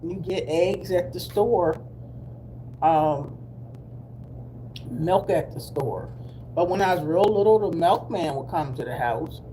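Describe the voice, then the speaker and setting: A middle-aged Delaware woman vlogs live, chatting with viewers in Black American English, drawling slowly, laughing, and tossing in asides. Her voice is on the low side, animated and dark in tone, and the audio carries a little hiss or hum.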